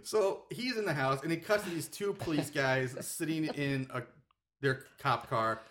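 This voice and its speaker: A man hosting a casual chat, retelling a film's plot as an animated storyteller who laughs often. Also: fairly high pitch, moderate pace. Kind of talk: casual movie recap chat.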